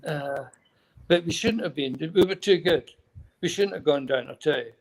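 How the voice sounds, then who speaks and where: A man's voice: fairly high pitch, normal speed, poor audio. An older man with a Scottish accent, a former footballer telling rambling anecdotes as a guest, breaking into chuckles now and then. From Scotland. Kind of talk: casual storytelling.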